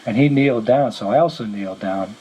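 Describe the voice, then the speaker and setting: Monk telling a story aloud. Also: male voice, medium pitch, fairly quick, muffled recording, background noise. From United States. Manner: lively retelling with acted-out quoted dialogue. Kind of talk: storytelling lecture.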